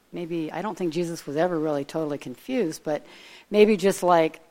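A woman's voice: fairly low pitch, normal speed, a little mellow. A woman giving an informal, conversational sermon, digressing and speculating aloud as she retells a Bible story. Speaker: preacher.

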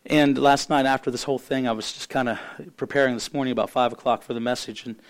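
A middle-aged man preaching a sermon as a pastor, hoarse from losing his voice, earnest and halting with frequent restarts. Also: medium pitch, steady tone.

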